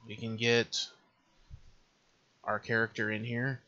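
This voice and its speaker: A man's voice: medium pitch, monotone, takes it slowly, pushed and bright. A man hosting a casual game development tutorial, thinking aloud and muttering to himself as he works through menus at his computer. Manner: thinking aloud, mumbling to himself while working. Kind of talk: casual screen-recorded tutorial. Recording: slightly dull lo-fi recording.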